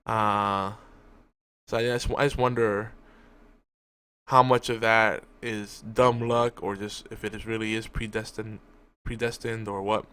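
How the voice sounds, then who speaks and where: A man's voice: little pitch movement, unhurried, pushed and bright, clean tone. A man talking casually as a podcast host, recapping a TV episode with lots of restarts and asides. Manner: rambling, with frequent restarts and fillers; talks to his cat in a high cooing voice. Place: home room at a desk.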